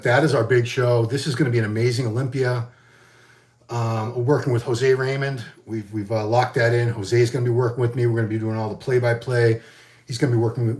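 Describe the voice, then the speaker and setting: Man in his fifties, mid-pitched, loose conversational solo chat full of fillers. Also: darkish tone. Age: 50s. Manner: rambling, conversational, frequent fillers and restarts. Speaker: bodybuilding magazine host. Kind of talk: casual solo vlog chat.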